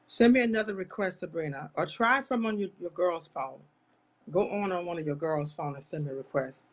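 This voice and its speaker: A woman's voice: on the low side, fairly quick. A woman hosting a live online talk show, speaking straight to her viewers in an impassioned, churchy way. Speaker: live-stream host. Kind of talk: casual live chat.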